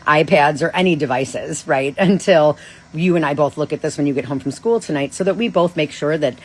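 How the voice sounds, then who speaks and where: A woman in her thirties tells a story in an easygoing, casual way, and her voice sits a little low. She swears freely and keeps correcting herself mid-sentence. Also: brisk, husky, rough recording. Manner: animated, swears freely, frequent self-corrections. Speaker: podcast host.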